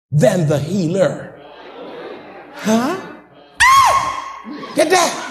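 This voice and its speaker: Very high, swooping male preacher, fervent sermon, echoey church hall. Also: sing-song, takes it slowly, long pauses. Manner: fervent, calls out to the congregation, rising to shouts.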